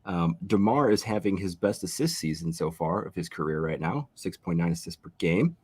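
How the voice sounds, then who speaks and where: A man with a very deep, husky voice co-hosts a casual sports podcast. His delivery is lively and full of ups and downs, and his chat is relaxed and fan-like. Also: normal speed, no room sound. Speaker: podcast co-host.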